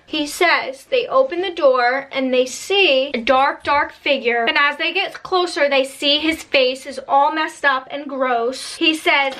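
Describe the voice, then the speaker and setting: A woman telling a spooky story in a casual, chatty storytime style, tossing in slangy asides to her viewers. Her voice sits high and sounds bright and sharp. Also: a little slow, hardly any pauses.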